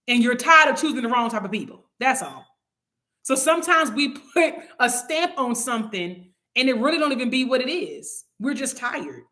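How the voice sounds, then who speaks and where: A woman's voice: fairly high pitch, big pitch swings, moderate pace, pushed and bright. Woman teaching a casual Bible study. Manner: conversational, preachy, acts out little quoted scenes.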